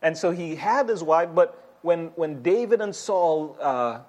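A man teaching a sermon in a loose, conversational way. His voice sits a little high, and he often restarts and repeats words as he explains a passage. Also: animated, unhurried, darkish tone. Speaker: pastor.

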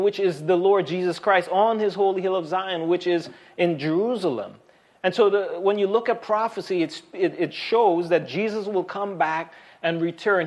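A man's voice: high voice, darkish tone. A man preaching a Bible sermon in a conversational way, with frequent restarts and fillers. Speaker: pastor.

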